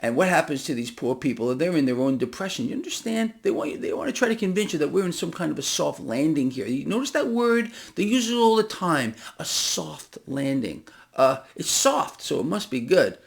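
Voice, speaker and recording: A man delivering a heated, sarcastic solo rant about markets and the economy, often climbing to loud emphatic bursts. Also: a little high, sing-song, a little fast, creaky, few pauses. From United States. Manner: emphatic, ranting, sarcastic, rising to near-shouting. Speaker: finance commentator. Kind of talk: impassioned solo market commentary.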